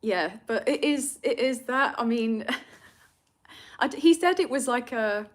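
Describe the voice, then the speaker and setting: A woman's voice: fairly high pitch, lively intonation, slow. Emotional British woman on a livestream. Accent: British, London. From Britain. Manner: emotional, rambling, with many fillers and nervous laughs. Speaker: tarot reader hosting a livestream. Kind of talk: casual livestream chat reading comments.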